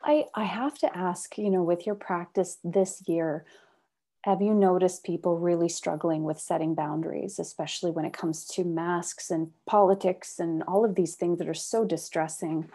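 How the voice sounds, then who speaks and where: Brief: woman host, low-pitched and mellow, chatty conversational interviewer. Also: steady tone, normal speed. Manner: chatty, warm laughter, thinks aloud.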